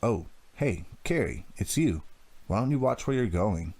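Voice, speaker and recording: A man's voice: lowish voice, animated, unhurried, darkish tone, voice pushed up. A man doing a sarcastic teenage girl. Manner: mock-snooty, sarcastic.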